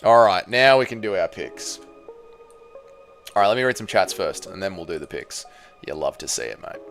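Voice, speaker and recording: A man's voice: lowish voice, animated, moderate pace, fairly bright tone, faint music behind. A man hosting a casual livestream, reading viewer messages aloud with loose banter and muttering to himself while he works the computer. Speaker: livestream host.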